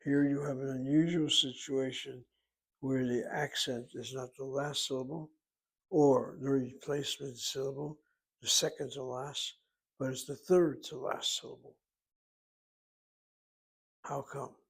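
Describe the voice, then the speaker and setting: A male language teacher walks through Hebrew grammar methodically. His voice is somewhat husky and keeps a flat, level intonation. He sits at a middle pitch, neither high nor low. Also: measured pace, pauses often. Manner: methodical, explains step by step. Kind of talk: recorded language lesson.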